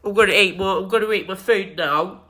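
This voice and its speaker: A vlogger, crying and sniffling while talking, halting and repeating themselves with many restarts, speaking into a wired earphone mic. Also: medium pitch, pushed and bright. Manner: halting, repetitive, many restarts and self-corrections. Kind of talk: emotional confessional vlog. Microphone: wired headset or earphone mic.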